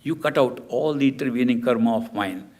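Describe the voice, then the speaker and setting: A man voicing a newborn boy who speaks with calm wisdom in a parable. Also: medium pitch, fairly quick, voice pushed down, close to an everyday voice. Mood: explaining. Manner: matter-of-fact, explaining.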